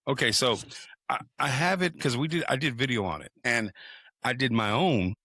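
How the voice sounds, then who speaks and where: A man co-hosting a podcast tells a long story in casual chat, animated and profane, acting out what people said. His mid-range voice moves at normal speed in clean studio sound with no echo.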